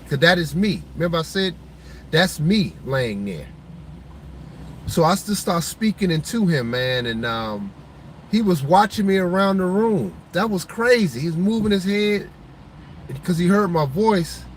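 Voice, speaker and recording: A man's voice: a little high, slight background noise, rough recording. A man and host of his show telling his audience a heartfelt personal story, with many restarts.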